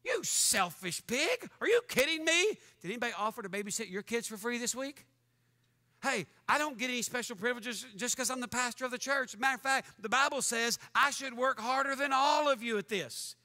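A high-voiced male pastor preaches with a bright, cutting edge, his words ringing through a long church hall reverb. He is animated and mock-angry, throwing jokes at his congregation. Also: brisk. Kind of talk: fiery sermon. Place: church sanctuary.

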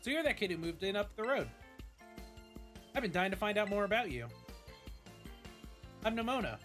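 A man's voice: high voice, sing-song, normal speed, fairly bright tone, faint music behind, pitched above the performer's own voice. A man voicing a bubbly, pushy young female student who loves battling, while reading game dialogue aloud. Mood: eager.

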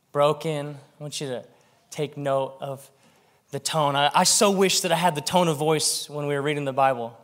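A male pastor preaching a sermon in a church before a congregation, talking casually and slowing down to read scripture. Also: on the high side. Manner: conversational preaching, slows down for scripture reading.

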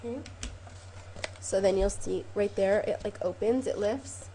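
Mid-range and mellow, her voice moves at a measured pace against faint background noise. The craft tutorial host keeps things chatty and meandering, with plenty of ums and self-corrections, sniffling a little from a cold.

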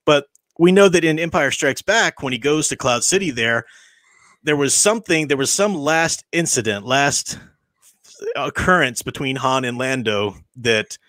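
A man's voice: mid-range voice, measured pace, pushed and bright, dry recording. A man hosting a casual book study who reads passages aloud and chats about them, laughing often. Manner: chatty, laughs often, restarts and fillers.

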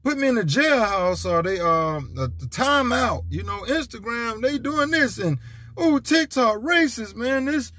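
A man putting on a high, whining voice to play a clueless, complaining adult man. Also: big pitch swings, a little slow, pushed and bright, full character voice.

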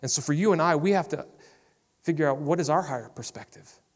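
A man preaching a sermon as pastor, in a relaxed, conversational way. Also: on the high side, quick pace. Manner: casual, conversational preaching with frequent "man" and "I love". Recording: long reverb of a large hall.

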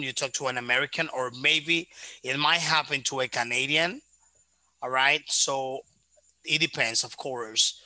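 A man's voice: mid-range voice, bright, forceful tone, no echo, low-quality recording. A man teaching English in an online lesson, repeating vocabulary back and patiently explaining pronunciation.

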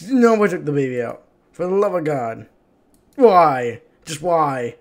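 A man narrating his own game session, his voice sitting fairly high as he pleads and yells at the screen. He sounds exasperated, swinging between frantic shouts and muttered complaints. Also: lively intonation, measured pace. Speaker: gaming channel host. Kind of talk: excited gameplay commentary.

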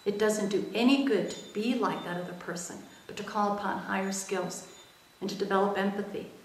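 A middle-aged woman speaks earnestly and reflectively as an interview guest, recounting her childhood. Her voice sits at an ordinary pitch. The room is echoey, with a faint hum of ambience behind her. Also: fairly even intonation, brisk. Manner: earnest, reflective, softens into quiet quoted speech. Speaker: interview guest, emotional intelligence expert. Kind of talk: personal storytelling in an interview.

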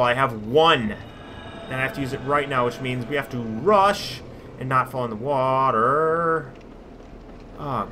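A man giving sarcastic let's play commentary over a game, breaking into shouted rants. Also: mid-range voice, noisy background. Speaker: gaming commentator.

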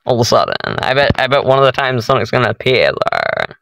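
A man's voice: medium pitch, very animated, quick pace, vocal fry, fairly bright tone, slight background noise, poor audio. A man playing a horror game for his channel, reacting to each scare with startled exclamations and talking to his viewers. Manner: jumpy, exclaiming at every scare, talks to viewers as guys. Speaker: gaming YouTuber. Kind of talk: horror game let's play commentary.

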